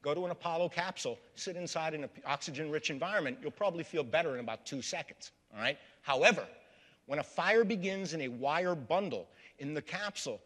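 Bright-voiced male lecturer in an echoing hall. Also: fairly high pitch, fairly quick. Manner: storytelling, repeatedly addresses the audience as folks. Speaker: history lecturer. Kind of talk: public lecture. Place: historic building lecture room with a live audience. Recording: long reverb of a large hall.

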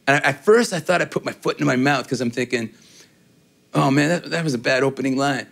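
A man's voice: medium pitch, fairly quick, creaky, fairly bright tone. A man giving a casual guitar demo, telling rambling, joking stories between playing. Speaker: guitar demonstrator. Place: guitar shop.

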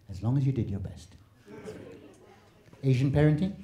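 A man's voice: mid-range voice, brisk, pauses often, mellow. A man, doing chatty, self-mocking stand-up comedy. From Malaysia. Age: 40s.

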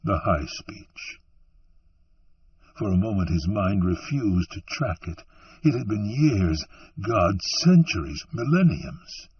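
Male audiobook narrator, deep voice, husky, dry, muffled and distant. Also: very animated, takes it slowly, dry recording. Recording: dull, distant lo-fi recording.

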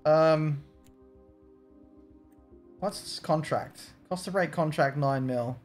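A man's voice: fairly high pitch, takes it slowly, faint music behind. A man streaming a racing management game, joking, swearing and talking to his chat. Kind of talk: casual gameplay commentary.

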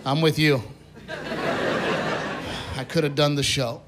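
A man performing a stand-up comedy set on stage, telling a story in an animated way and acting out the voices of the people in it. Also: a little high, takes it slowly. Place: comedy theater stage with live audience. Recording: live stage recording with crowd noise. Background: audience laughter and applause.

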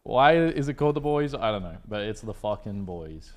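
A man's voice: fairly low pitch, lively intonation, normal speed. An Australian man streaming a game, chatting casually and swearing freely while he plays. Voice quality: profane, laid-back banter. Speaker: gaming streamer. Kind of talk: casual gameplay commentary.

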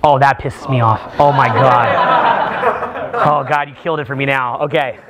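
A man leading a live workshop for a small group, talking in a profane, animated way with mock rants. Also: mid-range voice, a little slow, a loud crowd. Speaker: seminar speaker.

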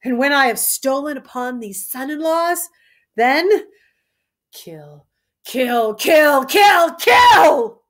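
A woman reading aloud as a mad old king, crying out, laughing and shouting in high, shrill bursts. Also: measured pace. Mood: vengeful. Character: mad old king, raving, weeping and wild.

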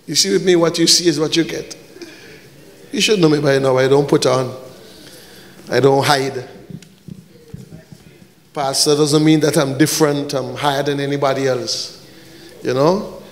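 During a church service in a hall, a male pastor hands out gifts, teasing and joking with the congregation and occasionally singing short lines. His voice is on the high side and steady, a little slow with long pauses, trailed by a long reverb.

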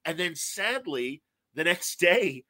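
A man's voice: a little high, takes it slowly, no room sound. A man in his fifties, a guest telling stories in casual chat and acting out quotes. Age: 50s. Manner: animated storyteller acting out quotes.

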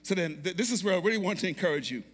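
A pastor preaching a fervent sermon, repeating phrases and calling out to the congregation to respond. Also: male voice, sits high, lively intonation, rapid-fire, husky, long reverb tail.

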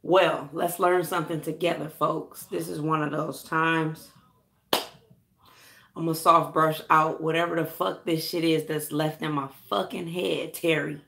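A woman's voice: low voice, level tone, unhurried, vocal fry, fairly bright tone, a little hiss or hum. A woman vlogger ranting to her viewers with lots of profanity, frustrated and calling out to friends by name. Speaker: hair care vlogger. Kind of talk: casual vlog rant to viewers.

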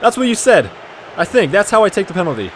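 Male gaming commentator, high and lively, excitable and jokey, slight background hiss. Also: fast talker. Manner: excitable, jokey, shouts at the game. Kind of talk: casual gameplay commentary.

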